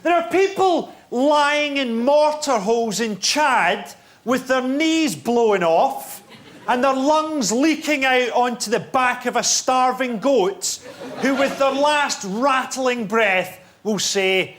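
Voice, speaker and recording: A man, a guest comedian, arguing his side with a deadpan, grim comic delivery. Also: very high-pitched, takes it slowly. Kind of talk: dark stand-up style argument. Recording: stage mic, loud audience and noise.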